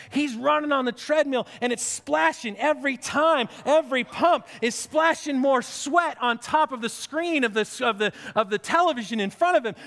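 A man with a very high, bright, forceful voice delivers a sermon to his church. He tells everyday stories in an animated way and breaks into comic outbursts. The sound rings with the long reverb of a large hall. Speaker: pastor.

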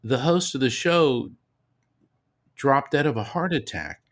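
A man, a medium, telling stories as a guest in an interview, animated and often repeating himself. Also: mid-range voice, a little slow. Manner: animated storyteller, repeats words, laughs often. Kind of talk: storytelling in an interview.

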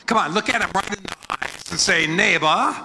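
A man's voice: sits high, normal speed, sharp tone, slight background noise. An older American man preaching to a congregation, playful and joking, leading call-and-response chants. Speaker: guest preacher. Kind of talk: energetic sermon with crowd call-and-response. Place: church hall with a congregation.

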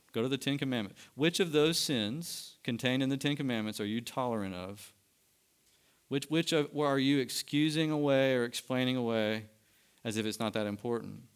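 A man's voice: medium pitch, smooth. A man preaching a sermon to his church, building to emphatic peaks. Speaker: pastor. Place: church sanctuary.

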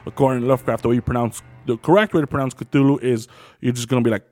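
A man's voice: mid-range voice, fairly even intonation, very fast, darkish tone, dry recording, clean studio sound, soft background music. A man co-hosting a podcast in casual chat, rambling and swearing often, restarting his sentences. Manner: rambling, profane, many restarts. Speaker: podcast co-host.

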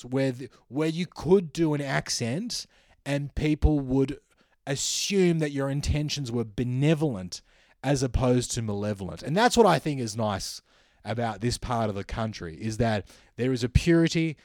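An Australian man in the middle of a comedic podcast monologue, thinking aloud in a wry, musing way and often restarting his sentences. His voice sits at an ordinary pitch for a man. The sound is dry and close, with no room echo. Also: a little mellow. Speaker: comedian host.

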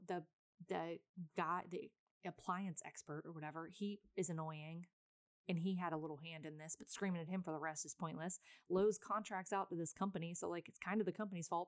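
A woman in her thirties hosting a podcast, telling a rambling, exasperated story in casual chat with lots of fillers. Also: on the low side. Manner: chatty, rambling, exasperated venting with many fillers. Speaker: podcast host.

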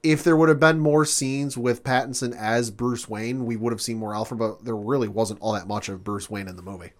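A man's voice: medium pitch, fairly even intonation, brisk. A man co-hosting a casual film podcast, often chiming in with short agreements and adding his own views. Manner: frequent short agreeing interjections. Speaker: podcast co-host.

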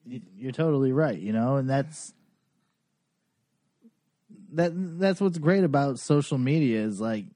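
A man's voice: mid-range voice, lively intonation, unhurried, long pauses, warm tone, no echo, clean studio sound. A man co-hosting a sports podcast, chatting in an easygoing, agreeable way. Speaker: podcast co-host. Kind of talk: casual sports podcast chat.

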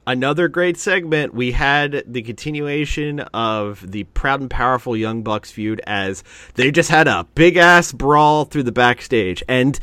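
Man, podcast co-host, excitable casual chat, mid-pitched voice, dry close sound. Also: a little slow, clean tone, no room sound. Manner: excited, chatty, swears freely.

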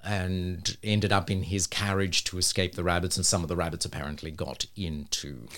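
A man's voice: deep voice, little pitch movement, moderate pace, a bit bright. A man co-hosting a casual chat, telling a story with wry asides. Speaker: podcast co-host.

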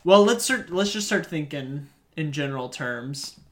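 A woman's voice: low voice, expressive, a little slow. A young woman co-hosting a podcast in casual chat, laughing often and running the segment. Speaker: podcast co-host.

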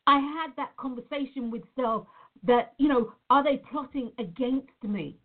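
Earnest woman talking straight to viewers, slightly high pitch, thin tinny recording. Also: measured pace. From Nevada, USA. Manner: earnest, reflective, repeats phrases. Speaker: reflexologist. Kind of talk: personal monologue to viewers. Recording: phone-like narrow sound.

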